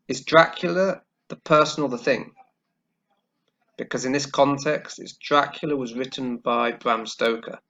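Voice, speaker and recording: A man teaching English grammar, explaining slowly and carefully and checking in with "okay" as he goes. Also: medium pitch, gravelly, sharp tone. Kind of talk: grammar lesson while writing on screen. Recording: dull lo-fi recording.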